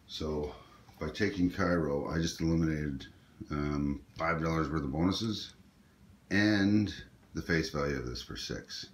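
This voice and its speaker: Very deep-voiced man explaining his game. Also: measured pace. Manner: relaxed, explains moves aloud with frequent ums and uhs. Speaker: board game player. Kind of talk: casual tabletop game playthrough commentary. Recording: echoey room with faint noise.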